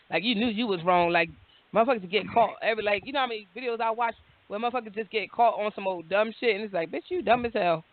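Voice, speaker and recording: A woman's voice: medium pitch, no echo. A woman co-hosting a radio talk show, blunt and profane, acting out other people as she talks. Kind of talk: casual frank chat. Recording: phone-like narrow sound.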